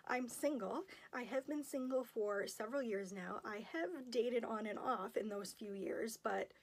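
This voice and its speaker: A woman's voice: a little high, measured pace. Candid woman in her thirties. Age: 30s. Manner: candid, emotional. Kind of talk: personal vlog.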